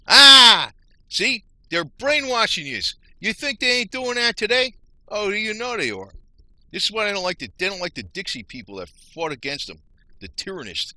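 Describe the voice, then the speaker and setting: Here a vlogger speaks in a mid-range voice that's pushed and bright, with no echo in the audio. Frustrated and rambling, he tells "you guys" about what's showing on his screen in a screen-share rant.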